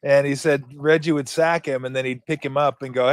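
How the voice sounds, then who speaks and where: A man's voice: medium pitch, fairly even intonation, fairly quick, smooth. A man hosting a sports show, asking questions, telling stories and laughing easily in casual chat. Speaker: sports podcast host.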